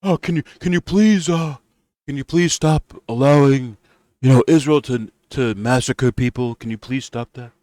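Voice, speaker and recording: A man's voice: medium pitch, normal speed, mellow, no room sound, clean studio sound, voice pushed up, lightly acted. A man mocking a feeble, timid old male politician in a whiny, pleading voice.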